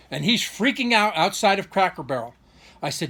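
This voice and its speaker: A middle-aged man recounts a personal grievance in a rambling monologue, stopping to restart and throw out rhetorical questions. His voice sits high for a man. He sounds wronged and indignant throughout. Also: very animated, normal speed, bright, forceful tone, slightly rough. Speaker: vlogger.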